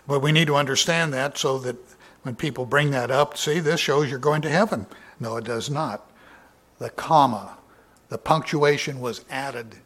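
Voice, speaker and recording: A man giving a Bible study sermon, reading verses aloud with raised emphasis and explaining them in a loose, conversational way with many fillers and some throat clearing. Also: mid-range voice, a bit bright. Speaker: Bible teacher.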